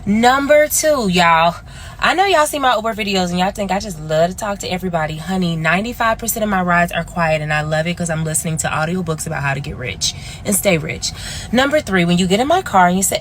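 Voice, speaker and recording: A woman's voice: lowish voice, lively intonation, fast talker, a little hiss or hum. A woman rideshare driver talking to camera in a sassy, playful, teasing way. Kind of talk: casual talk to camera.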